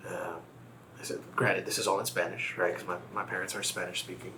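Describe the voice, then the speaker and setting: A man's voice: low voice, flat delivery, fairly quick, pushed and bright, slight background noise. A man from Texas, a guest in a casual conversation, talking reflectively and telling a personal story.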